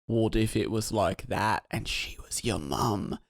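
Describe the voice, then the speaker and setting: A man's voice: lowish voice, unhurried, creaky, no room sound. Emphatic, profane man on a dry mic. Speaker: podcast co-host. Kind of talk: casual chat.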